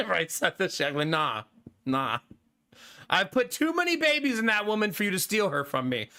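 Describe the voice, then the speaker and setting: A man's voice: sits high, wildly swooping pitch, moderate pace, pushed and bright, smooth. A man streaming live, chatting casually with his viewers in a laid-back way and laughing often.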